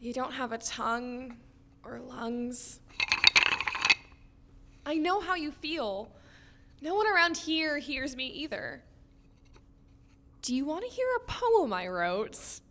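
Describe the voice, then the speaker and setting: A dramatic, death-obsessed teenage girl, played by a woman in an audio drama. She sighs and broods, her voice high and bright, swooping widely. She speaks slowly and moodily. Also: exaggerated voice. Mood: chattering. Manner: sighing, moody, breathless when excited.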